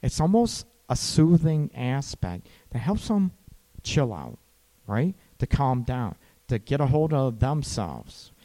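A man's voice: medium pitch, very animated, slow, dark tone. Man giving relationship advice, chatty. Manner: conversational, frequent "right?" tag questions; acts out partner's lines in quoted dialogue. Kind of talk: casual advice talk.

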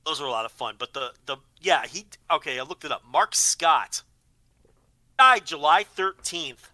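Bright-voiced man chatting casually. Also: a little high, expressive, moderate pace, no room sound. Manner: rambling, repeats words while thinking. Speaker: podcast co-host. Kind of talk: casual chat.

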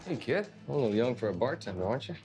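A man's voice: mid-range voice, very animated, racing. Wry, teasing con man. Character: wry middle-aged male con man. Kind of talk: movie trailer dialogue. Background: guitar music.

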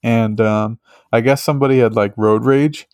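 A man hosts a podcast, chatting casually and rambling with many fillers and frequent swearing. His mid-range voice is steady, clear, resonant and a little mellow at a normal speed, recorded in a clean studio with no room sound.

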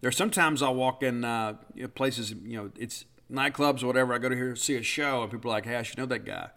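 A man's voice: mid-range voice, quick pace, bright, forceful tone. Rambling middle-aged man telling stories. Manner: rambling, self-deprecating, many fillers. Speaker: podcast host. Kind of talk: casual storytelling monologue.

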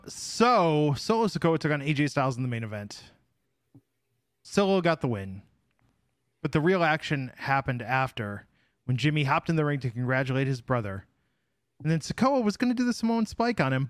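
A man's voice: fairly high pitch, sing-song, moderate pace, no room sound. A man hosting a casual podcast, telling stories with a wry, dry manner. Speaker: podcast host.

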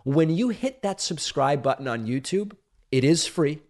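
A man's voice: on the high side, lively intonation, normal speed, a little mellow. A middle-aged man born in Argentina, hosting a political talk show, reading listener mail aloud and answering it in a conversational, emphatic, playfully defensive way.

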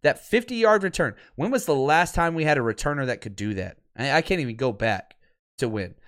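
Man, sports podcast host, excitable, candid, restarts often, lively swinging pitch, losing his voice. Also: a little fast. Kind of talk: live sports podcast recap.

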